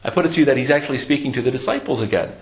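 A man preaching a sermon in a conversational way, often restarting his words and clearing his throat. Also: mid-range voice, animated, racing. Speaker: pastor.

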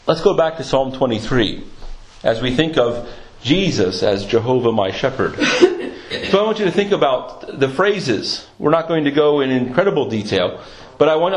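Earnest preacher in an echoey room. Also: male voice, fairly high pitch. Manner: earnest, emphatic preaching, reads scripture aloud. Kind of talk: sermon with scripture reading.

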